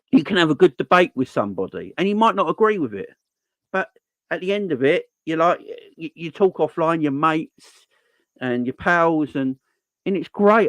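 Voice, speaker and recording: A man's voice: a little high, fairly bright tone, no room sound. A man hosting a football channel's live stream Q&A, chatting casually and earnestly, repeating phrases for emphasis as he makes his points.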